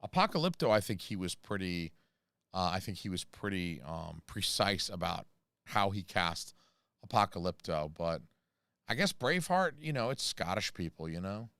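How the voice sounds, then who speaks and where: Rambling American man, low and smooth. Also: lively intonation, moderate pace, a bit bright, no room sound, studio quality. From United States. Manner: rambling, jokey, many fillers and asides. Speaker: channel host reading live chat. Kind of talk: casual livestream chat.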